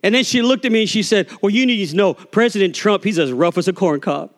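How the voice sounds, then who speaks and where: A fast-talking pastor with a voice that sits high preaches in a large hall of a church sanctuary. His sermon includes a folksy story in which he performs the voices of the people involved.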